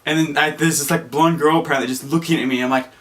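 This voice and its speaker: A young man telling a story to camera in a casual, excitable vlog, full of fillers and acted-out quotes. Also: on the high side, fast talker. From Australia. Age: young adult. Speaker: vlogger.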